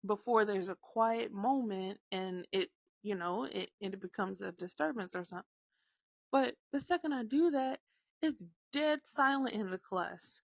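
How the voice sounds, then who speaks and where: A woman telling a casual story about her kids, animated, dropping into hushed whispers now and then. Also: mid-range voice, measured pace, gravelly, dry recording. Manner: animated, drops to hushed whispers when acting out shushing. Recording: slightly dull lo-fi sound.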